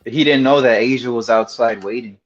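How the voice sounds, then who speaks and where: A man's voice: medium pitch, brisk, lo-fi sound. A man roasting his friends in casual, profane banter, laughing often.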